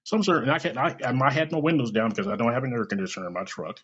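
A man from Kansas City, chatting casually on a podcast and telling a story with lively quoted voices and a husky, gravelly tone. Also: mid-range voice, very fast. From Kansas City, United States. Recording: dull lo-fi recording.

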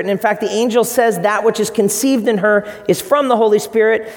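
A man preaching a sermon as pastor, telling stories with lively acted-out quotes. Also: high-pitched, brisk, few pauses, in a large hall. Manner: animated storytelling with acted-out quotes.

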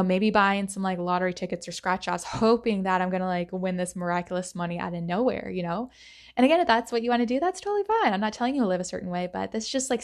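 A young woman hosting a solo podcast, talking casually with lots of fillers and acting out her own thoughts in quotes. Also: mid-range voice. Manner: chatty, rambling, many fillers; animated, acts out quoted thoughts. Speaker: podcast host.

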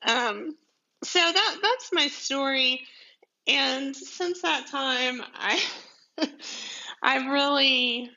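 Slow, gravelly Georgia-accented woman host. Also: high-pitched, bright, forceful tone, dull audio. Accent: Southern US, Georgia. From deep South Georgia, USA. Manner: chatty, rambling, laughs often, many ums. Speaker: podcast host. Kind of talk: casual monologue.

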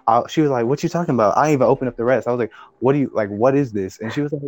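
A man's voice: mid-range voice, racing, darkish tone, dry recording, studio quality. A young man telling a story in casual, slangy chat, laughing often and acting out both sides of the talk. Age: young adult. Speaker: podcast co-host.

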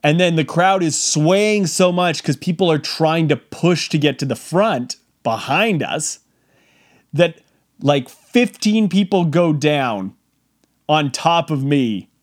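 Animated, lively-pitched male podcast storyteller. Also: takes it slowly. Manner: animated, comic, acts out quotes. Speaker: podcast host. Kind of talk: casual storytelling.

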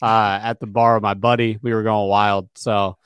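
A man's voice: lowish voice, normal speed, clean tone, dry recording. A man in his twenties co-hosting a sports podcast, chatting casually and telling stories with many fillers. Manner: relaxed, storytelling with fillers. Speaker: podcast co-host.

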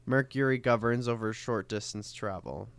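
A woman reading a horoscope aloud in casual chat, in a laid-back, halting way with fillers. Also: rumbling low, clean tone, no echo.

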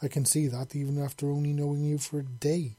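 A man's voice: on the high side, little pitch movement, fast, dark tone, close to an everyday voice. A man voicing a remorseful young man who apologizes and reproaches himself.

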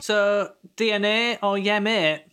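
Chatty man, higher voice. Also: takes it slowly, over loud music. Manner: chatty, rambling, laughs often. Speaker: podcast co-host. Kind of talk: casual chat.

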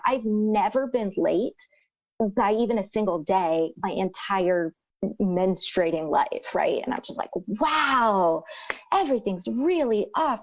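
A woman's voice: medium pitch, normal speed, highs cut off. A woman in her thirties from Texas, chatting casually and acting out quotes as she tells a story. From Texas, Rio Grande Valley. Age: 30s. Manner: animated storyteller, acts out quotes. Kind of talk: casual chat.

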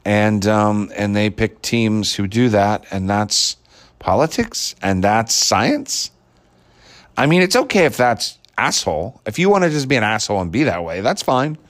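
Low-ish voiced guy ranting solo, sarcastic and blunt, swears a lot. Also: very animated, measured pace. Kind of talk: ranting monologue.

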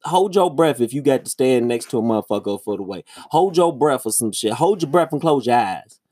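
A young man telling a story in a casual, profane ranting monologue, with his voice jumping high when he gets exasperated. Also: lively intonation, brisk, a little mellow, slightly rough, no echo. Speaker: vlogger.

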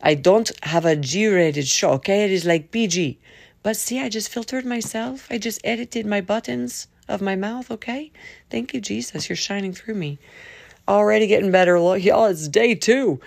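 A woman's voice: mid-range voice, moderate pace, creaky, a little mellow, no room sound. A woman hosting a casual faith podcast, talking in a chatty, colloquial way that jumps between topics. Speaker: podcast host.

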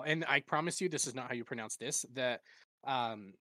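A man co-hosting a relaxed podcast, often breaking into laughter as he fumbles through hard names. His voice sits at an ordinary middle pitch, recorded close and dry with no room sound. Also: normal speed, dry recording. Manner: laughing, stumbling over names, self-mocking. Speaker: podcast co-host. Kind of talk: casual chat.

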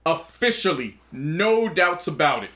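A man co-hosting a podcast in casual chat, excitable, laughing and quoting people in voices. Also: on the high side, unhurried. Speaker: podcast co-host.

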